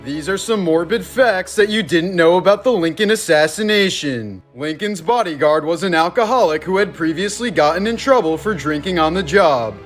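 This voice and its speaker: A man reading creepy stories for a short video compilation in an even, measured way. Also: high voice. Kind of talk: narrating a compilation clip.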